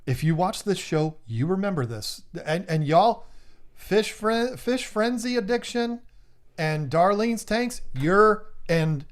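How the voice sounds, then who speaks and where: A man's voice: high-pitched, animated. A man with a drawl chats casually on a live stream. He teases his viewers in a playful, bantering way and reels off their guesses one after another. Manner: playful, teasing, lists guesses rapidly. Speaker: livestream host.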